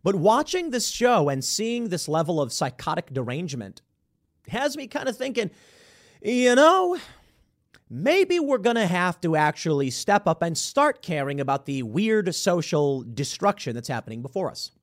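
A man's voice: on the high side, normal speed. Sarcastic man hosting political commentary. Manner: sarcastic, rambling, animated. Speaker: political podcast host. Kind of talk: opinion commentary.

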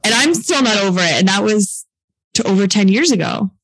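A woman's voice: mid-range voice, expressive, a little fast, breathy edge, no room sound, poor audio. Chatty woman in her thirties, dry sound. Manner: chatty, laughs often, agreeable. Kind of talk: casual chat.

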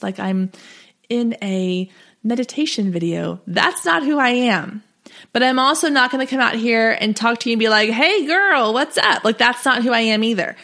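A woman's voice: on the high side, fairly bright tone. A woman in her thirties hosting a solo podcast, coaching small business owners in a chatty, direct and encouraging way.

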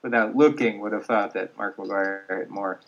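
A man in casual sports chat, measured and steady, reading out statistics. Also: lowish voice, muffled recording. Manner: measured, reads out stats.

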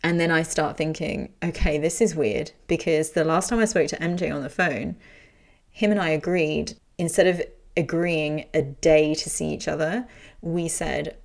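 A woman's voice: deep voice, steady tone, moderate pace, gravelly. A young adult woman candidly telling an emotional personal story, speaking frankly and swearing freely.

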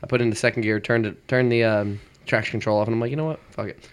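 A man's voice: lowish voice, fairly even intonation, rapid-fire, slight background noise. A young man in casual chat, rambling and correcting himself as he tells a story.

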